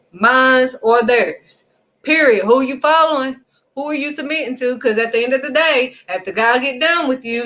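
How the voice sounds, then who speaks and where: A woman with a bright, forceful voice leads a casual Bible study. She reads scripture at a measured pace and then breaks it down in blunt, everyday speech, hammering each point with repetition. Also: high-pitched. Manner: reads scripture slowly, then paraphrases in emphatic street talk; repeats "period" for emphasis. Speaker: Bible teacher.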